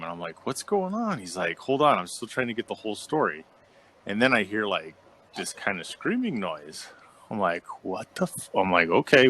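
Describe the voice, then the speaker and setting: A man co-hosting a podcast, telling a long story in casual chat and acting out the quotes by jumping up in pitch. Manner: animated storyteller, acts out quotes with jumps in pitch. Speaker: podcast co-host.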